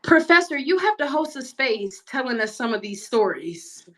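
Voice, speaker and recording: A woman's voice: high-pitched, big pitch swings, normal speed. A woman co-host on a casual chat, playful and encouraging.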